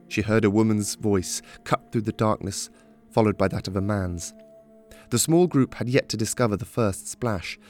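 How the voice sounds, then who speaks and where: A man narrating a fantasy story in a steady, measured reading. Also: lowish voice.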